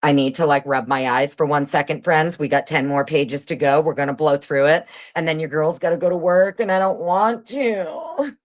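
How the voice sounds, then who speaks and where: Woman livestream host with a low voice, fast reader, sarcastic and swearing. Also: fairly even intonation. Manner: sarcastic and profane. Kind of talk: casual livestream chat and reading aloud.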